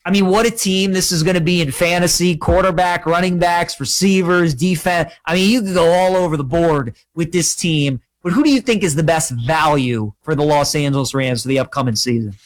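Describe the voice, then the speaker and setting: A man's voice: on the high side, fairly quick, hardly any pauses, no room sound. A man hosting a sports talk show, leading into topics with upbeat, repetitive lead-ins and questions to his co-host.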